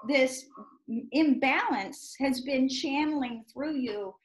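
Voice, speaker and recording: A woman's voice: high voice, slow pace, low-quality recording. A woman hosting an interview as a medical intuitive healer, explaining step by step and often checking in with "right?". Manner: explanatory, keeps asking "right?".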